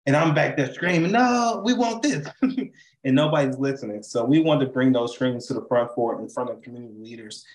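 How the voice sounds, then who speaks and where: Enthusiastic man on a roomy video call. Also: mid-range voice. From Chicago. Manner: animated, enthusiastic, frequent fillers and "right?". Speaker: charity CEO and co-founder, guest. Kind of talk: remote interview over video call.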